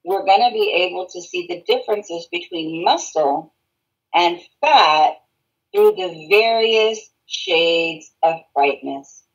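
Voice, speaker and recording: A woman's voice: on the low side, animated, slow, slightly rough, low-quality recording. A woman teaching a radiology class, repeating key terms and checking in with students. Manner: repeats key words and checks understanding with questions. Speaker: radiology instructor. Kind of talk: classroom lecture.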